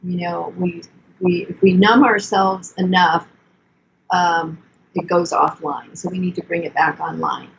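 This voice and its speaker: Older woman therapist, calm and soothing, slightly gravelly, dull lo-fi recording. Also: fairly low pitch, a little slow, slight background noise. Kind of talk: conversational teaching.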